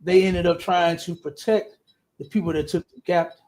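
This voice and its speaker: High-voiced man telling an animated story. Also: moderate pace. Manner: repeats words, laughs often, acts out quotes in a high voice. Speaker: podcast host.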